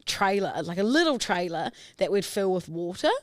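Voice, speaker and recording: A woman co-hosts a casual podcast and tells a funny story through frequent giggles. Her pitch moves around a lot as she talks. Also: expressive, moderate pace, no echo, studio quality. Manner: giggly, chatty. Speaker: podcast co-host.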